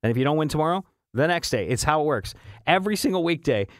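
A fast-talking man with a fairly high, animated voice hosts a morning radio show, chatting casually and reading listener texts aloud. He's upbeat and laughs easily, restarting often, recorded on a studio microphone in a radio studio with clean sound and no room noise.

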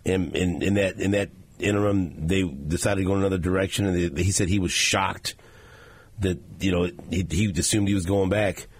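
A man's voice: deep voice, steady tone, normal speed, slight background noise. A man hosting a sports radio show. He tells stories in a rambling way and often restarts his sentences.

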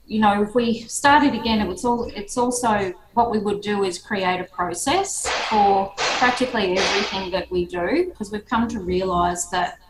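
A woman, co-owner of a business, speaking in a measured, thoughtful way as an interview guest. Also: medium pitch, a crowd in the background. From Australia. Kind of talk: reflective interview conversation. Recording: echoey room.

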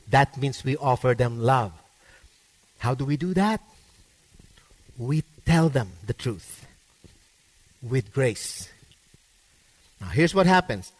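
A man preaching a sermon as pastor, with emphatic delivery that rises and swells to stress each point. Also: big-room sound. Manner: emphatic preaching, rising pitch and volume for stress.

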